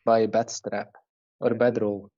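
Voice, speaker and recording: A man's voice: on the low side, level tone, normal speed, warm tone, dull audio. A man playing in a tabletop game, thinking aloud hesitantly as he asks about his options. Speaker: player. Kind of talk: casual tabletop play.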